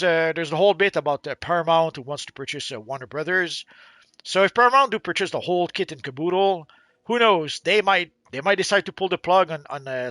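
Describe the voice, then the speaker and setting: A man's voice: on the high side, pushed and bright, no room sound. A man co-hosting a game livestream, chatting casually and rambling, hedging with lots of uhs and restarts.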